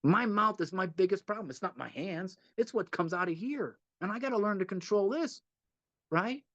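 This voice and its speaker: Heard on a dry, muffled recording, a man with a high-pitched, fairly bright voice speaks animatedly at normal speed. He runs a twelve-step study session informally, staying earnest, going over points repeatedly, and tossing in a rhetorical "right?" often.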